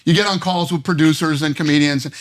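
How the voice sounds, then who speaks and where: A middle-aged man telling stories as a guest in a casual chat, animated and swearing constantly. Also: a little high, quick pace. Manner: animated storytelling, heavy swearing. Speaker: podcast guest.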